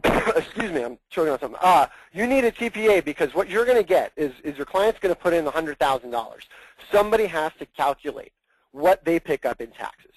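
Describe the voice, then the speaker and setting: A man's voice: on the high side, lively intonation, a little fast, rough recording. A man acting as plan administrator guest on a training call, explaining earnestly and at length, often repeating his words.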